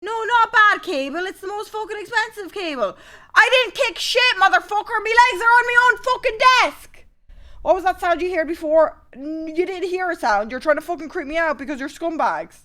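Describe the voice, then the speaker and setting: A young woman streaming live, chatting casually and cursing freely, given to loud rants. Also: very high-pitched, animated, normal speed. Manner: foul-mouthed, swings into loud ranting outbursts.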